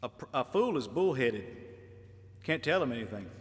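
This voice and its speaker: A man preaching a fiery sermon, swinging between shouted lines and low, emphatic asides. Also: sing-song, normal speed, in a large hall.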